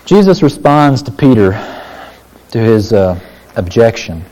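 A man preaching a sermon, animated and emphatic, with casual asides to the congregation. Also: mid-range voice, measured pace, big-room sound, poor audio. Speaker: pastor.

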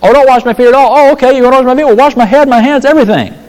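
A preacher voicing a flustered protesting disciple. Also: male voice, very high voice, very fast, a little mellow, long reverb tail, voice pushed up, poor audio. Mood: exasperated. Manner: exasperated, pleading.

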